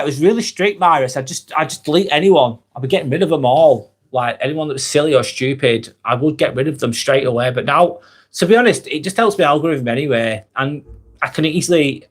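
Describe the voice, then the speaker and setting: Friendly Lancashire man in his forties. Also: mid-range voice. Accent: Lancashire, near Manchester. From Northwest England. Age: 40s. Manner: reads viewer comments aloud and answers each by name, friendly and reflective. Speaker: live vlog host. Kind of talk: casual live-stream chat.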